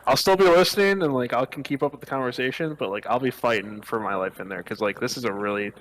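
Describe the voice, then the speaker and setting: A man's voice: medium pitch, quick pace, a bit bright, low-quality recording. A man chatting with friends on a podcast, rambling with many filler words. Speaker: podcast co-host. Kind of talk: casual chat among friends. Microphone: remote mic with mute.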